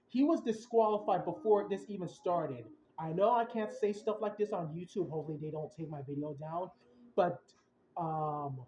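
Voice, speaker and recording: A young man hosting a podcast, excitedly retelling events in a rambling, casual way with slang. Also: sits high, a little hiss or hum. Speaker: podcast host. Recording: roomy, dull lo-fi sound.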